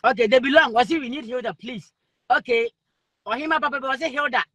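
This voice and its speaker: A man with a Ghanaian accent hosting a live stream, reading out viewer comments, excitable, laughing often and calling out names over and over. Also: very high-pitched, brisk, breathy edge, dry recording.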